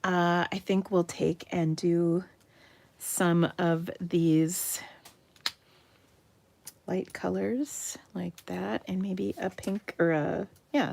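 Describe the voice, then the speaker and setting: A middle-aged woman from Minnesota hosting a live card-making demo, chatty and enthusiastic, dropping into soft muttered asides as she works. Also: fairly low pitch, vocal fry. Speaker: craft livestream host.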